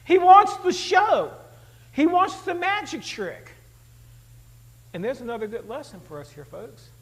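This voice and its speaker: A man preaching a sermon in an animated, conversational way, throwing rhetorical questions to the congregation. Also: very high voice, a little slow, poor audio. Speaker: pastor.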